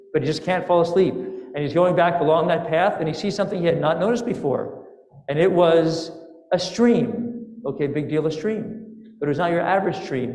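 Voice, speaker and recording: A male rabbi telling a fable in his sermon, in a casual, animated way. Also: on the high side. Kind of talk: storytelling sermon. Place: synagogue sanctuary. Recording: echoey sanctuary with long reverb.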